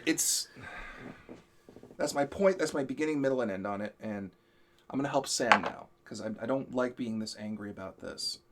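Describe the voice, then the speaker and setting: A man's voice: medium pitch, normal speed, background noise. A man hosting a live stream, venting in a heated, profane, emphatic rant. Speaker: show host. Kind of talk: ranting live-stream chat.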